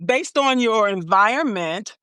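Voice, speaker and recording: A woman's voice: medium pitch, lively intonation, measured pace, pushed and bright, clean tone, no room sound, studio quality. A woman hosting a podcast interview in casual chat, checking in with her guest with a frequent "okay?" as she explains. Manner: peppers talk with "okay?". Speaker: podcast host.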